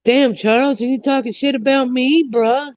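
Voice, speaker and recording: A man's voice: very high-pitched, fairly even intonation, moderate pace, no echo. Gossiping man guest on a livestream; dull, dry sound. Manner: gossipy, crude. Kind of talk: casual livestream chat.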